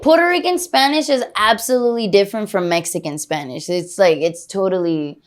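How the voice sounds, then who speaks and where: A woman's voice: mid-range voice, brisk. A woman with an East Los Angeles accent, co-hosting a podcast in casual chat, playful and profane and laughing often. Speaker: podcast co-host.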